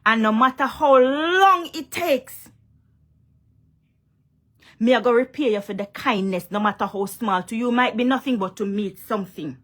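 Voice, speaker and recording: A woman's voice: a little high, moderate pace, fairly bright tone. A young woman with a Jamaican accent talking straight to camera in a casual vlog, emphatic and repetitive, often checking "you understand?". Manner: emphatic, repeats herself, asks "you understand?". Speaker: vlogger.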